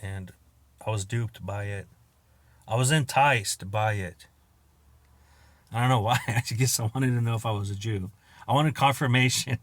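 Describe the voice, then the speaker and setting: A man hosting a podcast, riffing in a crude, profane monologue, laughing at his own jokes and acting out quotes with loud outbursts. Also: fairly low pitch, fairly even intonation, measured pace, no echo. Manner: acts out quoted exchanges with sudden loud outbursts. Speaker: podcast host. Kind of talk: casual comedic monologue.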